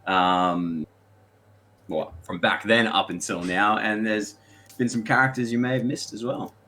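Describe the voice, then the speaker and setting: A man's voice: fairly low pitch, steady tone, unhurried, sharp tone. An Australian man co-hosting a tabletop game stream, plugging the channel in a jokey way. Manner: jokey, promotional. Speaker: player and stream co-host. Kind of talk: casual stream chat.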